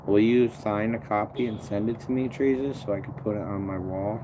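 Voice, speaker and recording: Male streamer, casual and profane, stumbles through restarts; low-pitched, faint vehicle hum in background. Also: steady tone, normal speed. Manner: rambling, swears a lot, restarts sentences. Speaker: tree climber streaming to viewers. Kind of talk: casual live-stream chat reading comments.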